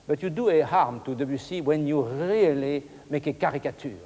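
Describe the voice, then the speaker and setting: Recorded in a hall where music plays, this older cello teacher, French his first language, speaks at normal speed in a dark-toned voice on the high side. He coaches the masterclass in broken English, mixing in French words and singing phrases out loud.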